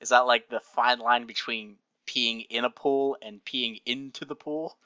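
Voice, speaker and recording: A man's voice: medium pitch, fairly even intonation, a little slow, bright, forceful tone, smooth, no echo, lo-fi sound. A man reading fan fiction aloud and breaking off into sarcastic, laughing asides.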